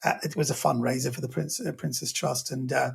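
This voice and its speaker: A man's voice: medium pitch, a little fast, creaky. A man, a guest comedian, telling stories in a casual chat and animatedly acting out what people said. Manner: animated storyteller, acts out quotes.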